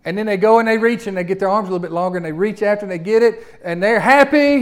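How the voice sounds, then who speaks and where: High-voiced, animated male preacher. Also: fast, few pauses. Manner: animated, asks the congregation questions. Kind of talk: sermon.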